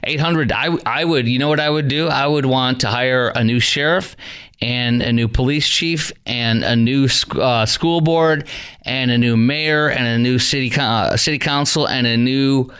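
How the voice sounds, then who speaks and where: A man's voice: medium pitch, moderate pace, fairly bright tone, clear, resonant tone. Indignant rambling talk radio man. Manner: indignant, rambling, many fillers and restarts.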